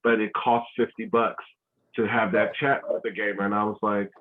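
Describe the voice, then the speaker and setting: Hosting a family workshop for a school online, this man talks informally, often saying "um" and starting over. The video call audio is thin and phone-like; his lowish voice stays fairly level at a moderate speed.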